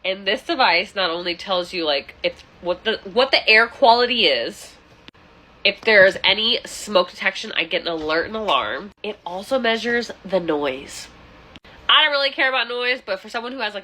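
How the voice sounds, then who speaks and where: A young adult woman telling a casual storytime vlog about her tenant, animated and exasperated. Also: lowish voice, rough recording. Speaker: landlord vlogger.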